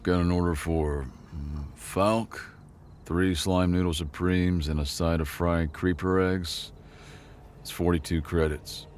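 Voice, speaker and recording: A man voicing a tired, sarcastic human janitor in a sci-fi story, speaking flat and deadpan. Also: deep voice, takes it slowly, a little hiss or hum. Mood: bored.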